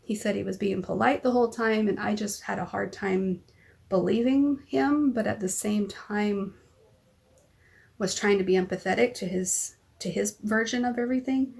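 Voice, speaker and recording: A woman speaks in a casual vlog, with a gravelly edge of vocal fry under her mid-range voice. She tells her story in a rambling way and slips into the voices of the people she quotes. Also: mid-range voice, moderate pace, darkish tone. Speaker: vlogger; mother. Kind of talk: casual personal vlog chat.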